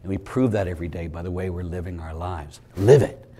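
A Catholic priest giving a lively preaching talk, an animated storyteller with sudden loud bursts and chuckles. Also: male voice, sits low, a little fast, breathy edge.

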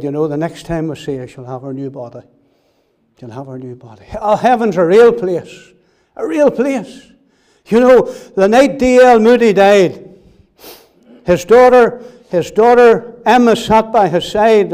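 A male preacher delivers an earnest sermon in a fairly high voice with a soft, warm tone. He repeats his key phrases and presses the listeners with direct questions. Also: lively intonation, measured pace.

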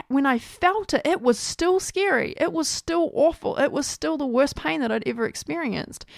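High, gravelly-voiced woman host. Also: no echo, studio quality. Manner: earnest, chatty, says "like" often. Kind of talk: personal storytelling talk.

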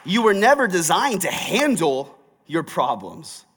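A man delivers a sermon with a slightly high voice that carries a long reverb tail, as if heard in a large hall. He reads scripture, then talks it over with the listeners in a plain conversational way, pressing firmly when he makes his points. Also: very animated, measured pace, a bit bright, slightly rough. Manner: conversational preaching, rising to emphatic. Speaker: pastor.

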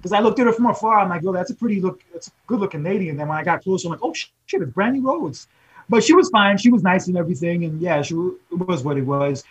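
A man co-hosting a podcast, chatting casually about wrestling in a quick, joking way. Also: sits high, breathy edge. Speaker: podcast co-host. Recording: dull, muffled lo-fi sound.

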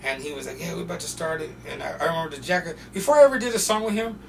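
A young man from Portland, a podcast guest, telling loose, profane stories in casual chat and shouting when he quotes people. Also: on the high side, very fast, creaky. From Portland, Oregon. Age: young adult. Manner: loose, profane, animated storyteller who often shouts when quoting people. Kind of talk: casual storytelling. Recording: distant mic with faint noise.

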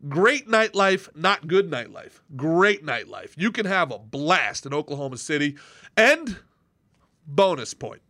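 A man's voice: fairly high pitch, big pitch swings, a little slow, bright, forceful tone, no echo, clean studio sound. A man hosting a podcast and chatting casually, rambling with restarts before landing emphatic lines. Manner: rambling, hesitant, with many restarts, then emphatic. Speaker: podcast host.

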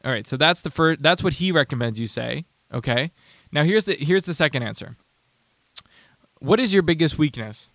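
A man's voice: fairly high pitch, lively intonation, fairly quick, gravelly, pushed and bright, no echo. Sarcastic rambling man, dry close sound. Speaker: podcast host. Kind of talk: casual commentary.

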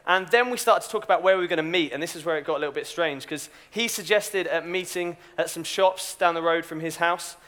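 A man's voice: on the high side, fairly quick, hardly any pauses, a bit bright. A young man giving a chatty, self-deprecating youth talk with a story. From Britain. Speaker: youth speaker.

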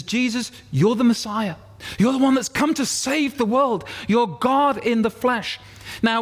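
A man preaching a sermon to a congregation, explaining scripture and having the crowd repeat words back to him. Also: sits high. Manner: expository, leads congregation call-and-response. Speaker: pastor. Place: church.

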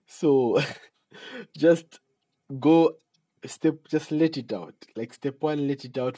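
A man hosting a casual solo podcast and giving chatty advice. He jokes as he talks, laughs at his own asides, and breaks into sudden animated outbursts. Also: a little slow, low-quality recording. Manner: animated outbursts with sudden high pitch jumps. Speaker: podcast host.

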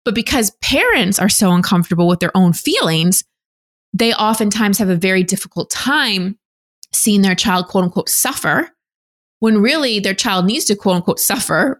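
A woman with an ordinary middle-pitched voice answers as a relationship coach on an interview show. She explains patiently and earnestly, in the steady manner of a teacher walking a listener through an idea. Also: normal speed. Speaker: relationship coach, podcast guest.

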